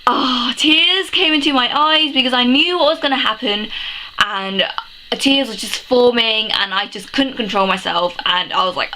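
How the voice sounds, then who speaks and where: A woman's voice: fairly high pitch, measured pace, pushed and bright, a little hiss or hum, rough recording. A young woman vlogging a film review, sniffly from crying, gushing and rambling with many exclamations and laughs. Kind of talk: casual emotional film review.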